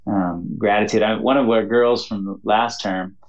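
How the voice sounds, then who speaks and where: A man's voice: fairly low pitch, moderate pace, highs cut off. A man, a pastor and mission leader, telling stories in a casual interview, often adding "you know" and laughing as he goes. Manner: animated storytelling, frequent "you know" and laughs.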